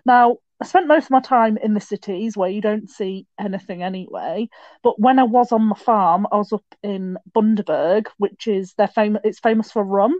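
A young woman telling stories in a casual podcast chat, with quick asides and restarts. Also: mid-range voice, a little mellow, no echo, lo-fi sound. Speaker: podcast guest.

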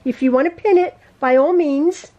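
A woman's voice: high-pitched, normal speed, dull audio, a little hiss or hum. A woman giving a chatty home sewing tutorial, rambling and correcting herself as she works at the machine. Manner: rambling, self-correcting, talks while sewing. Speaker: quilting teacher.

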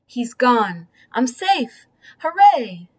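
A woman voicing a tiny, cheeky, cheerful female piglet in a squeaky voice for a read-aloud storybook. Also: big pitch swings, extremely slow, slightly rough, full character voice. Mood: relieved. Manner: squeaky and bright.

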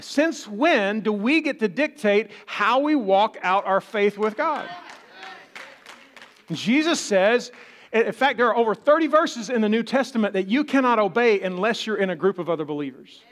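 A pastor delivers his sermon in a high, light voice for a man. He preaches in a conversational way and slips into the voices of doubters to make his point. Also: lively intonation, normal speed, a bit bright. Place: church.

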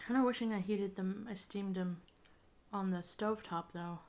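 A woman's voice: medium pitch, moderate pace, a little hiss or hum. Chatty woman food vlogger. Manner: chatty, expressive, talks to viewers as "y'all". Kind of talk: casual taste-test vlog.

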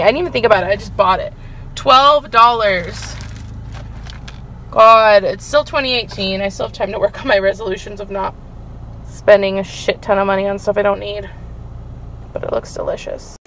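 A woman's voice: mid-range voice, slight background noise. A young woman chatting casually in a self-deprecating, rambling way while filming a vlog on her phone in a car and at home. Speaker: vlogger.

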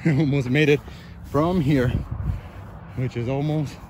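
A man's voice: mid-range voice, fairly even intonation, measured pace, darkish tone, a little hiss or hum. A man in his thirties filming a casual family vlog while playing soccer outdoors with his kids on his phone, laughing often, teasing them, and out of breath. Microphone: phone held while playing.

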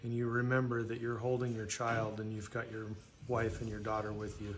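A man hosting his channel, narrating a story in the second person in a steady, plain-spoken way. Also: lowish voice, brisk, a little hiss or hum. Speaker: host.

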